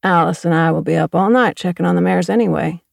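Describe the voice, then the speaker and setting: A woman's voice: on the low side, fast, gravelly, no room sound, clean studio sound. A woman reading an audiobook, voicing a weary, matter-of-fact farmer father.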